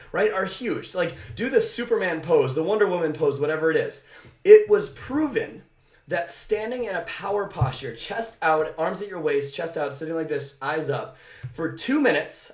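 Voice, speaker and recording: A man coaching on mindset, talking straight to camera in an energetic, emphatic and direct way, often tagging his points with "right?". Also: a little high, echoey room. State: out of breath. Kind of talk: motivational talk to camera. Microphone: camera mic.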